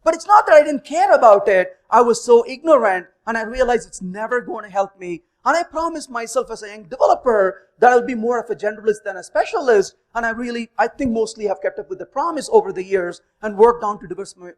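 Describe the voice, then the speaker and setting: A man's voice: extremely high pitch, fast talker, few pauses. A man in his fifties giving a technical conference talk, telling stories and acting out the dialogue in them. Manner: animated, acts out dialogue in stories. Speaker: conference speaker.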